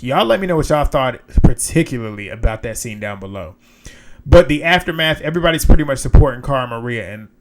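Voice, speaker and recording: A man with a middle-of-the-road pitch talks through a reality show episode in loose, chatty commentary. He is frank and blunt, and he swears freely as he gives his opinions. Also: noisy background. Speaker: reality TV recap host. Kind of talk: casual recap commentary.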